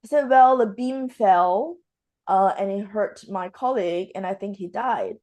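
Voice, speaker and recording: Speaking a little slowly, this spiritual show host has a mid-range, darkish voice. She retells her experiences in casual conversation, performing the dialogue along the way.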